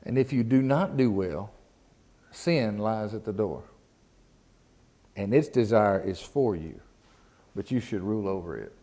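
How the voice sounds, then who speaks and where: A man's voice: fairly low pitch, animated, a little slow, long pauses, mellow. A man preaching a sermon in a folksy, casual way, often repeating words and asking the congregation questions. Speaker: pastor. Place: church.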